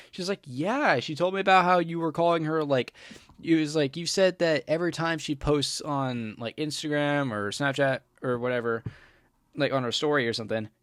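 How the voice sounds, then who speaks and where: A man's voice: a little high, a bit bright, dry recording, clean studio sound. A young man telling a casual story while playing a game, rambling, restarting his sentences and mimicking the people in it. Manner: rambling, full of restarts, mimics others in quotes. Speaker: storyteller vlogger.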